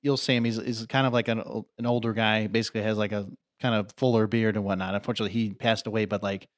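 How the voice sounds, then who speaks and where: Fairly low in pitch and level in tone, this man talks at a quick pace in a clean studio recording with no echo. He's co-hosting a podcast, and his casual chat rambles, leaning heavily on "I mean" and "like."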